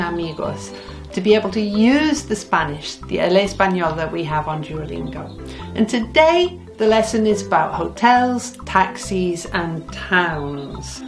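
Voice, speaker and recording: Woman teacher, slow deliberate delivery, cheerful, drills vocabulary by repetition. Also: on the low side. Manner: drills words slowly, repeats each one; cheerful, mixes English and Spanish. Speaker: Spanish teacher. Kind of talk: language lesson.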